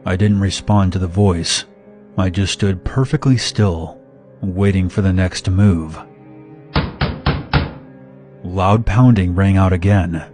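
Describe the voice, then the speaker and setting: Brief: male horror narrator, low voice, steady dramatic first-person telling, faint music behind. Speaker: story narrator. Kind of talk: scripted horror story narration.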